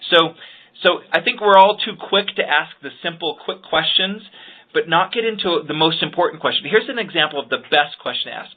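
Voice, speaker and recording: Earnest guy coaching phone greetings, kinda high voice, sounds like a phone line. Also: expressive, a little fast. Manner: earnest, emphatic, repeats words when starting a point. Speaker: sales trainer. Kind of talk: podcast instruction on phone skills. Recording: phone-like lo-fi audio.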